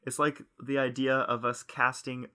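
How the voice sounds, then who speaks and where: A young man co-hosting a casual podcast, excitable and quick to laugh. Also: mid-range voice, clean tone. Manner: excitable, animated, laughs a lot. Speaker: podcast co-host. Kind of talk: casual chat.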